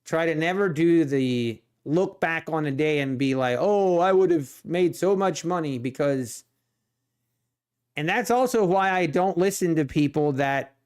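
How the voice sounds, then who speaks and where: A man's voice: on the high side, a little mellow, clean tone. A man in his thirties with a Pennsylvania Dutch accent, rambling and thinking aloud while commenting on his live trading. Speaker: day trader streamer.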